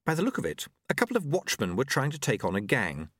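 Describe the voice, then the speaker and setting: Expressive man reading a novel. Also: mid-range voice, quick pace, no echo, studio quality. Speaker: audiobook narrator. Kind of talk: scripted narration.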